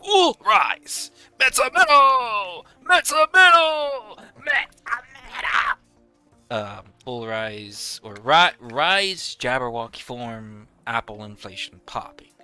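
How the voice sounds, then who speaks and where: A man's voice: mid-range voice, pushed and bright. A young man giving casual gameplay commentary, rambling and ranting animatedly. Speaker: gaming video creator.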